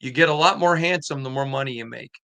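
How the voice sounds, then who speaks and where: Bright-voiced earnest male podcast host. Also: mid-range voice, quick pace, vocal fry. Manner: earnest, emphatic storyteller. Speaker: podcast host and sports beat writer. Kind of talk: casual interview chat.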